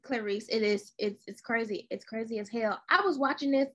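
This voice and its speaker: Young female podcast co-host, animated slangy storyteller, slightly high pitch. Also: brisk. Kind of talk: casual chat.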